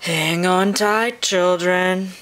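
A woman voicing a kind, worried father possum who speaks gently and reassuringly in a children's storybook reading. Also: deep voice, sing-song, slow, creaky, heavily acted. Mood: urgent.

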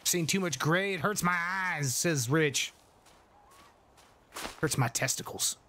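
A man's voice: a little high, takes it slowly, pushed and bright, slight background noise. A middle-aged man streaming a survival game, chatting casually, thanking viewers and swearing at scares. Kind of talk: casual live gameplay commentary.

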